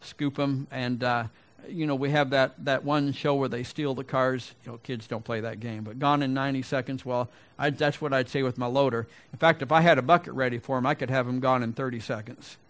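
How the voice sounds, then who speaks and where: A man's voice: mid-range voice, steady tone, a little fast, hardly any pauses. A middle-aged man preaching a sermon, telling a folksy personal story and then asking rhetorical questions. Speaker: pastor.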